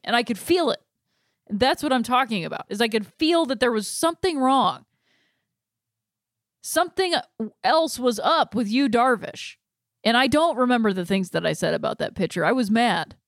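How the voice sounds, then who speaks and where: A woman hosting a talk show, delivering a casual, impassioned rant with frequent fillers and self-interruptions, swinging between heated outbursts and quiet disgust. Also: fairly high pitch, dry recording, studio quality. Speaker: podcast host. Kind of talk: casual ranting monologue.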